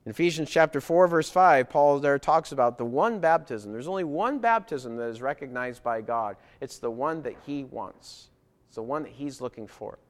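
A man's voice: mid-range voice, lively intonation, moderate pace. A man preaching a sermon in a church, earnest and emphatic, hammering home key phrases through repetition. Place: church with baptistry.

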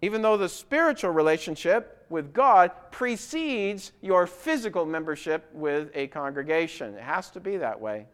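A man's voice: fairly high pitch, big pitch swings, moderate pace, few pauses, clean tone. A man preaching a sermon, explaining scripture and pressing his point with emphatic rhetorical questions. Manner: emphatic rhetorical questions, building to loud insistence.

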